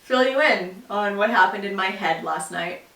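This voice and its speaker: A woman's voice: medium pitch, moderate pace, gravelly, far from the mic. A young woman co-hosting a podcast, telling stories in casual chat with lots of swearing and laughter. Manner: animated storytelling, swears, laughs often. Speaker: podcast co-host. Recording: echoey room, voice off-mic.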